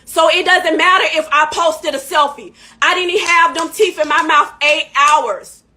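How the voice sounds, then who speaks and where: A woman's voice: sits high, fairly even intonation, unhurried, pushed and bright. A woman hosting a live stream in casual chat, heated and emphatic, repeating her points. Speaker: livestream host.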